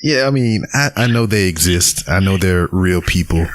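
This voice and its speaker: A man's voice: deep voice, animated, moderate pace, no echo. A man hosting a podcast, chatting casually and laughing often. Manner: laid-back, laughs often, fillers. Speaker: podcast host. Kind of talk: casual interview chat.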